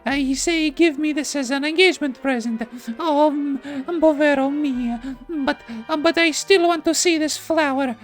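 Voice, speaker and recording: A man voicing a grieving Italian woman in a high falsetto, with a put-on Italian accent and broken English. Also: normal speed, few pauses, faint music behind. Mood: mournful.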